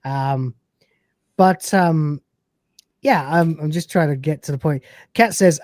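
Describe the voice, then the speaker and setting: A man's voice: fairly high pitch, takes it slowly, long pauses, darkish tone, no echo, clean studio sound. A man casually recapping an episode, rambling with fillers and swearing offhand. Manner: rambling, with many fillers and restarts. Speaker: host.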